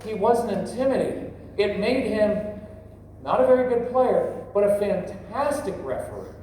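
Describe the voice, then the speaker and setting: A high-pitched yet darkish-toned middle-aged man entertains a live audience at a parenting workshop, rambling, cracking jokes, and addressing people directly. Faint noise and echo mark the distant recording in a big convention hall.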